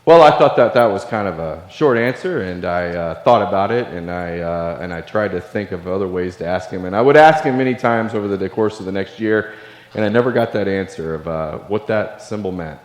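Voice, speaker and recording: A man's voice: deep voice, fairly quick. A middle-aged man from Illinois, a Navy veteran giving a keynote speech and telling a personal story in an earnest, confessional way. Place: large hall. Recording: echoey hall with long reverb.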